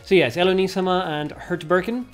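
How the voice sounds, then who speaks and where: A man's voice: sits high, brisk. A man streaming a card game and chatting casually with his viewers. He thinks aloud and leans on lots of fillers as he plays. Faint game music runs underneath. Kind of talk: casual livestream commentary.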